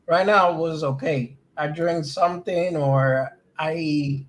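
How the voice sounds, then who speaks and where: A man chats on a crypto live stream in an unhurried, laid-back way, his voice sitting a bit high. He laughs easily and talks through a plain computer mic on a voice call. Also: steady tone. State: voice changes easily, sometimes strained. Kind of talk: casual group chat on a live stream.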